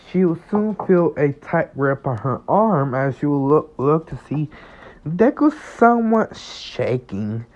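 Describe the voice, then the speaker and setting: Slow, rambling young male storyteller. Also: mid-range voice. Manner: rambling, full of fillers and restarts, chuckles at his own story. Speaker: fan fiction storyteller. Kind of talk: casual improvised storytelling. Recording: slightly muffled lo-fi recording.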